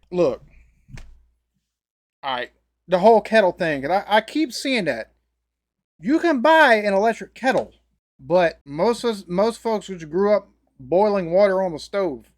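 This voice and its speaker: A man's voice: high-pitched, lively intonation, unhurried, pauses often, no room sound. An American man giving casual, folksy reaction commentary, laughing often and rambling as he talks. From United States. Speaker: reaction video host.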